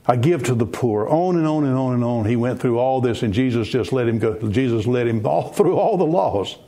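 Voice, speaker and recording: A man preaching a broadcast sermon, earnest, repeating words and slowing down to stress his points. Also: medium pitch, lively intonation, dark tone. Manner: earnest, repeats words, slow emphatic phrasing.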